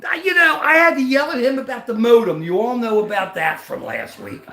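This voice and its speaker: Animated American man, gravelly, echoey. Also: fairly quick. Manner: animated, rambling, laughing, mimics friends in high voices. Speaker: livestream host. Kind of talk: casual livestream chat.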